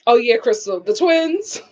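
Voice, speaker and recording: A high-voiced woman hosts a casual live stream and chats with her viewers in the comments. She sometimes sings out her hellos, and the recording sounds a little muffled. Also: darkish tone. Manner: chatty, talks to her live chat, sings greetings. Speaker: YouTube reality-TV reviewer.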